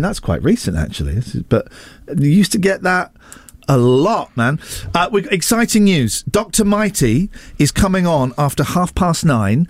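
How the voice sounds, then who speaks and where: A man's voice: a little high, a little mellow, dry recording. A man presenting breakfast radio in casual, teasing banter with his co-hosts. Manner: chatty, teasing, quick jokey asides.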